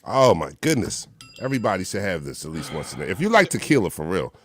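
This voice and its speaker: Low-voiced man hosting a sports chat. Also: very animated, fast, fairly bright tone. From Philadelphia area. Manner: upbeat, rambling, hesitant restarts. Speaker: podcast host. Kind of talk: casual sports talk show.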